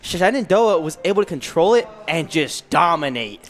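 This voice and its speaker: Excitable high-voiced male esports caster. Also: normal speed. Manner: excitable, yells at big plays. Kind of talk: live esports commentary.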